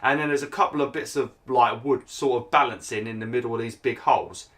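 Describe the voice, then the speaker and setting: A man's voice: mid-range voice, brisk, fairly bright tone. A man giving casual gameplay commentary, chatty and joking, laughing and exclaiming as he plays.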